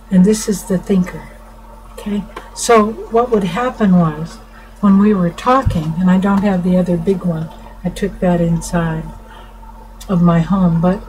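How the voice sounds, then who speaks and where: A middle-aged woman counselor explaining to viewers in an informal talk, unhurried, restarting her sentences often. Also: medium pitch, a little mellow, poor audio. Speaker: family counselor. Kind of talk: informal teaching talk to camera. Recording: faint background noise.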